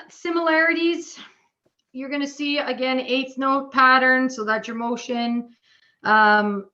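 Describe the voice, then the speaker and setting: A woman with a Canadian accent teaching a drumming workshop online, chatty and casual, counting beats out loud. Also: mid-range voice, dull audio.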